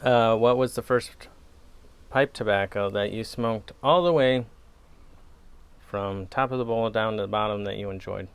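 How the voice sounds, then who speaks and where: Smooth low-voiced Wisconsin man rambling. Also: unhurried. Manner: rambling, digressive, laughs at himself. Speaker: pipe-smoking channel host. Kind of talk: casual vlog chat.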